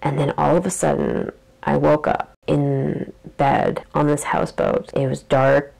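Young woman vlogger, low voice with vocal fry, chatty storyteller. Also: a little mellow, rough recording. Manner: chatty, peppered with "like", acts out quotes. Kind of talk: casual storytelling monologue.

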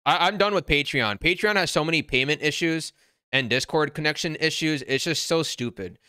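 A man hosting a casual livestream, answering viewer comments in a blunt, brash, half-yelling way while wearing headphones. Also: fairly high pitch, normal speed, clear, resonant tone, no echo, clean studio sound. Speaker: crypto channel host. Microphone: wearing noise-canceling headphones.

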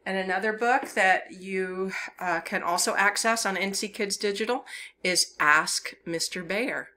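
A woman's voice: mid-range voice, a little slow, pushed and bright. A woman with a Southern US accent leading a children's story time as a librarian, talking in a playful, sing-song way and coaxing young listeners to join in.

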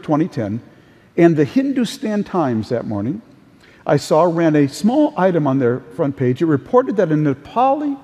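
An older man delivers a conference keynote from a large hall, his voice carrying a long reverb tail. The tone is mellow and slightly higher than usual for a man. He moves from point to point through anecdotes. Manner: storytelling with anecdotes, occasional restarts. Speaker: keynote speaker. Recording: distant, echoey hall sound.

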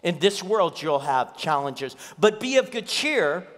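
High-voiced storytelling preacher in a hall. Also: male voice, sing-song, measured pace, a bit bright. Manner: storytelling preacher, repeats key lines for emphasis. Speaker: pastor. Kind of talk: sermon. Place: church.

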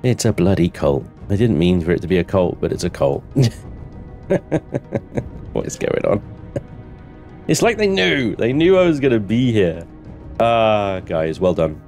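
A man's voice: lowish voice, big pitch swings, a little slow, long pauses, a little mellow, faint music behind. A man giving casual gameplay commentary, chatty and laughing often as he reads game text aloud. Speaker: gamer streaming his play.

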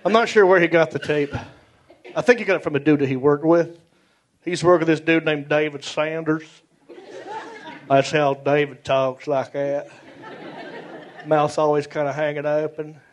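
A male stand-up comedian performing a playful, animated set and talking with the audience, on a club stage with a handheld mic. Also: on the high side, normal speed, long pauses, slight background noise. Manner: animated and playful, talks with the crowd. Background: audience laughter.

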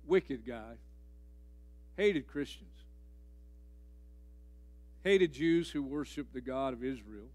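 A middle-aged man, a pastor delivering a sermon in a church, pressing key phrases again and again and swinging between loud and hushed. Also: a little high. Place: church sanctuary.

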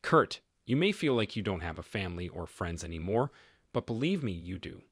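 A man's voice: low voice, big pitch swings, brisk, fairly bright tone, husky, no echo, studio quality, heavily acted. Man reading as a kind reassuring woman. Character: kind loyal woman employee, supportive.

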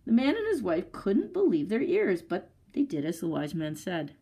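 A woman leads a library story time, reading a children's picture book aloud. Her delivery is expressive, with a lively, swooping melody. She breaks off now and then for chatty asides to the kids. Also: medium pitch, moderate pace, rough recording.

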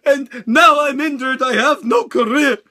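Man impersonating a raging jilted wrestler, broken English, shrill and strained, cursing loudly. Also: sing-song, slow pace, exaggerated voice. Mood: furious, wailing. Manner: yelling, cursing, choked with rage. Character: furious heartbroken male wrestler, broken English.

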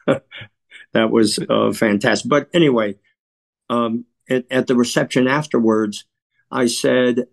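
Here a Chicago, USA native tells reflective stories as an interview guest, his medium-pitched delivery measured and earnest, punctuated by frequent throat-clearing.

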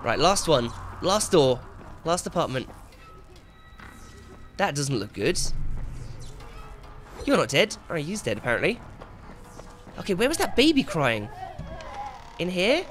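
A man giving excitable let's play commentary, swearing and shouting at the game as he plays. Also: fairly high pitch, unhurried, long pauses. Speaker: gaming channel host. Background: game music and sound effects.

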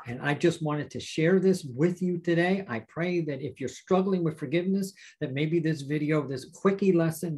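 Husky-voiced man teaching the Bible. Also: fairly high pitch. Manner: emphatic, with rhetorical questions; warm, direct address to viewers. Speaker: pastor.

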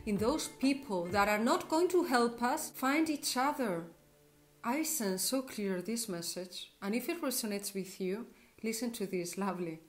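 Gushing woman tarot reader, soft music behind. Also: fairly high pitch. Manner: gushing, affectionate, with restarts. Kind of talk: tarot reading to viewers.

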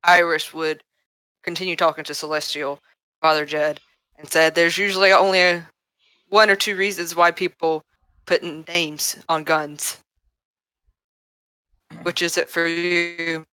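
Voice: medium pitch, little pitch movement, unhurried, pauses often, pushed and bright, clean tone, dry recording. A tabletop game player chatting casually, rambling and correcting themselves mid-sentence.

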